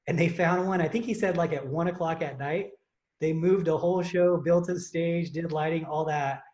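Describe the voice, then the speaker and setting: Podcast host, male, young adult, fairly high voice, animated and rambling. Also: moderate pace, lo-fi sound, a little hiss or hum. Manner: animated storytelling, many fillers and restarts. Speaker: podcast host and contest prep coach. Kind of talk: casual chat.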